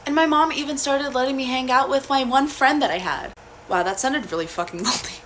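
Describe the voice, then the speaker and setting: A young woman telling a personal story in a casual, blunt and profane way, animated throughout. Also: high-pitched, brisk, slight background noise.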